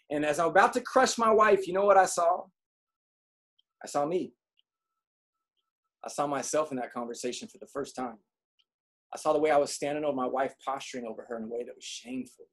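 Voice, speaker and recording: A man giving a motivational talk to an audience, telling comic stories and acting out quotes in an animated way. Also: a little high, slightly rough. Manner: animated storyteller, acts out quotes. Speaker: speaker.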